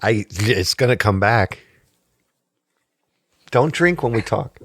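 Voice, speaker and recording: Lively, teasing male podcast host. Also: fairly low pitch, slow, dry recording, studio quality. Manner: teasing, jokey, prone to laughing fits. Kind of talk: casual podcast chat.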